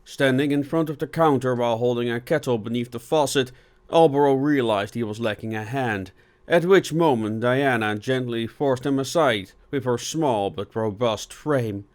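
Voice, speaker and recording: A man narrating a fiction audiobook with dramatic swings from loud to hushed. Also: mid-range voice, normal speed. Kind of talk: audiobook narration with character voices.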